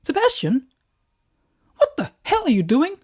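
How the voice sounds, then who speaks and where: A man with a New Zealand accent voicing an exasperated young woman, his character's loving girlfriend, in a shrill, emphatic voice. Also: wildly swooping pitch, unhurried, darkish tone, dry recording, clean studio sound, exaggerated voice. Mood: alarmed.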